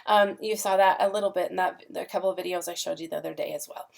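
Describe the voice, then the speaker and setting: A woman's voice: fairly low pitch, fairly even intonation, fast, gravelly. Chatty woman teacher giving a lecture. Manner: friendly, chatty, lots of "um" fillers, demonstrates sing-song parent talk. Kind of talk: recorded classroom lecture.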